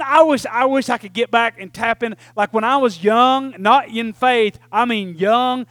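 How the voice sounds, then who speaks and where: Man, preacher, folksy animated sermon, very high voice, dry close sound. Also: dry recording. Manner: folksy and animated, storytelling with "right?" asides.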